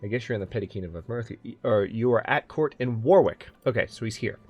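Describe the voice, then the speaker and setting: A man with a fairly low voice talks through a strategy game in an easygoing, rambling way, thinking aloud as he plays. Soft music runs quietly beneath his talk. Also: fast talker, husky, no echo, lo-fi sound. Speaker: let's play host. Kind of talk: casual gaming commentary.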